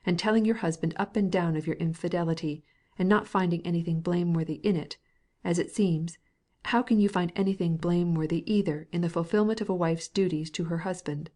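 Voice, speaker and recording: A proud, stiff husband speaks in cold, clipped, formal sentences. His voice is low and mellow, level and controlled as a woman reader puts him on. It suits a storybook read aloud. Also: brisk, natural voice.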